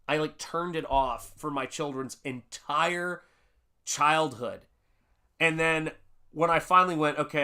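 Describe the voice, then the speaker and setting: With a high-leaning, bright, forceful voice that comes across clear and resonant, this middle-aged American livestreamer paints and chats. He rambles, restarts, reads chat out loud, and keeps things friendly and casual.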